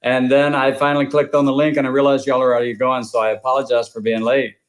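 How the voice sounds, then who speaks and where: A man's voice: mid-range voice, level tone, fast talker. An older man with a Louisiana accent, a guest on a live video call, explaining a deal in an easygoing, plain-spoken way. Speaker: guest investor.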